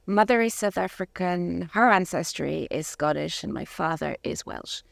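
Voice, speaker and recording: A middle-aged woman from Zimbabwe, a guest telling her story in a rambling way with many pauses and laughs. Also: on the low side, creaky, no echo, studio quality. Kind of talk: casual interview chat.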